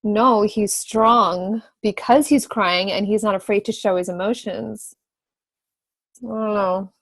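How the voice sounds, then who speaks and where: Slow-talking woman, teasing in discussion. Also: medium pitch, fairly even intonation, fairly bright tone, no echo. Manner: teasing, laughs often. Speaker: discussion participant. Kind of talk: casual group discussion.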